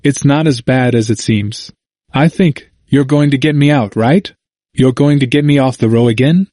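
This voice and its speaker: A man's voice: mid-range voice, moderate pace, mellow, no echo, clean studio sound, lightly acted. A man reading an audiobook voices a confused, frightened older man who speaks emphatically in a plain dialect and repeats himself. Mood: pleading.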